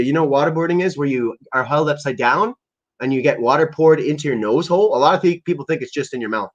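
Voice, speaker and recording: A man's voice: on the high side, lo-fi sound. A man ranting live on a stream, swearing heavily in an aggressive, rambling way. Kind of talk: profane livestream rant.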